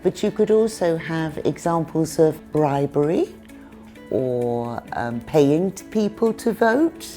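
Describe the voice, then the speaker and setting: A woman hosting an English lesson, clearly explaining words and their meanings in a teacherly way. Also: sits low, very animated, takes it slowly, mellow, faint music behind. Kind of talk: scripted lesson dialogue.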